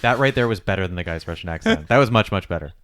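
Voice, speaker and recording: A man's voice: deep voice, lively intonation, racing, fairly bright tone. A man on a podcast, chatting casually with wry, joking asides about a TV show. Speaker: podcast co-host. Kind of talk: casual chat with jokey asides.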